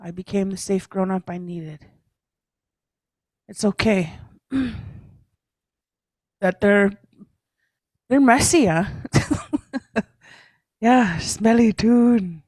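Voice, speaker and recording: Self-mocking woman, storytelling talk, unhurried with a mid-range pitch. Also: a little mellow, no room sound. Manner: chatty, self-mocking, laughs often, tags lines with "eh?". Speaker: speaker at a leaders' caucus.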